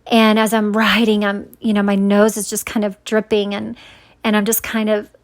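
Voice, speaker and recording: A woman's voice: mid-range voice, completely flat delivery, moderate pace. A woman telling a personal story in a casual, rambling way, full of fillers and restarts, earnest and searching for words. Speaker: vlogger sharing a dream.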